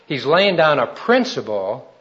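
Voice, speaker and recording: A man gives a sermon with his personal testimony, earnest and folksy. His voice sits mid-pitch. The recording is dull and lo-fi. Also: big pitch swings, unhurried, a bit bright. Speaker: preacher giving testimony.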